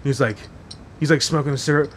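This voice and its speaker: A man's voice: medium pitch, fast talker, a bit bright, slight background noise. A man hosting a podcast, telling a story casually while rambling and swearing heavily, with lots of fillers. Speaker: podcast host.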